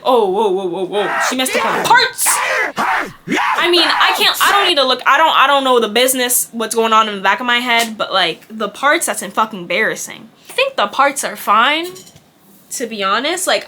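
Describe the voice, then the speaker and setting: A woman's voice: a little high, background noise. A young woman vlogger telling a casual storytime, candid and chatty, swearing freely and acting out what people said. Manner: candid and chatty, swears, acts out quoted dialogue.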